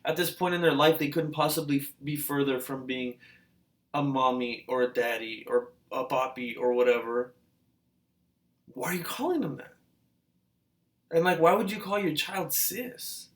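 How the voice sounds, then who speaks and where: A man hosting a reaction video, talking in a casual, rambling way with many fillers and restarts, musing and asking questions out loud. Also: fairly high pitch, moderate pace, long pauses. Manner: hesitant, full of fillers and restarts.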